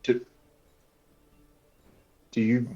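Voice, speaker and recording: A man's voice: extremely slow, dark tone. A man playing a tabletop role-playing game, talking loosely and hesitantly in casual chat. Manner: loose and hesitant, many fillers. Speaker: player. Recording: dull lo-fi mic.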